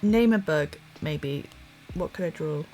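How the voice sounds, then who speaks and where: A sleepy woman live-streams her drawing and muses quietly as she works, now and then chatting to viewers. Her voice sits fairly low and mellow, and she talks slowly and unhurriedly. Faint music plays behind her. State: sleepy, yawning.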